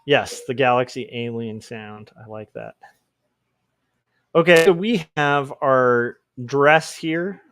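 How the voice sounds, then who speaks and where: A man's voice: mid-range voice, slow, fairly bright tone, no echo. Chatty man with a dry voice. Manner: rambling, chuckling, reads chat aloud. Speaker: livestreaming comic artist. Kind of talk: casual chat while drawing.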